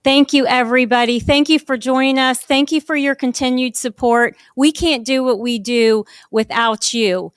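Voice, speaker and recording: A woman's voice: high-pitched, fairly even intonation, moderate pace, hardly any pauses, clean tone, dry recording. Cheerful woman co-hosting a gala, dry sound. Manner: cheerful, encouraging.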